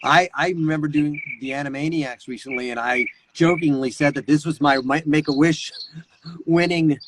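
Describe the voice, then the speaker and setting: A man talking as a guest voice actor in a casual interview, animated and quick to slip into voices. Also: a little high, noisy background.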